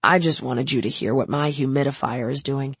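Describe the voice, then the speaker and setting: A woman's voice: very deep voice, steady tone, breathy edge, no room sound, heavily acted. Woman doing a blunt, bossy, doting older man. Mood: brisk. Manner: brisk, bossy, affectionate.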